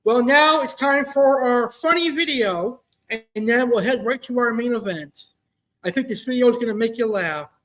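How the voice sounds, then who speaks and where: High-voiced man hosting a show. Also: moderate pace, fairly bright tone, soft background music. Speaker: show host. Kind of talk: casual hosting.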